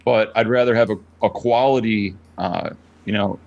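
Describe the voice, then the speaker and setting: A man guesting on a podcast as a poker streamer, relaxed and easygoing in casual interview chat, often saying "you know". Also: lowish voice, normal speed, vocal fry, muffled recording.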